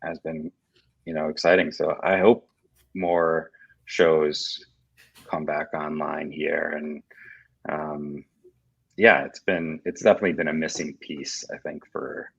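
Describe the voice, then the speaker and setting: A man with a very deep voice talks easily as an interview guest, wandering through his thoughts with plenty of fillers and restarts. The sound is dry and a little dull, like muffled call audio. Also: takes it slowly, vocal fry, husky, no room sound. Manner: relaxed, rambling with many fillers and restarts. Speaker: guest, whiskey portfolio director. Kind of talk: casual video-call interview.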